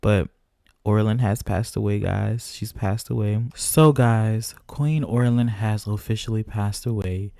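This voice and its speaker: Gaming host, male, low and mellow, dry close sound, chatty with viewers. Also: fairly even intonation, measured pace, creaky, no room sound. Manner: chatty, keeps addressing viewers as "guys". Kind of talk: casual gameplay commentary.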